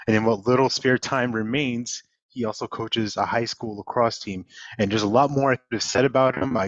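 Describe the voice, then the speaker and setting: A man's voice: mid-range voice, a bit bright, dry recording. A man hosting a video call and introducing the guest speaker. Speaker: host. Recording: dry, dull video call audio.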